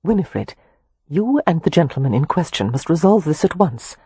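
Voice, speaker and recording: A woman reading the part of a composed society matron, gentle and tactful. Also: low voice, big pitch swings, moderate pace, slightly rough, no room sound, heavily acted.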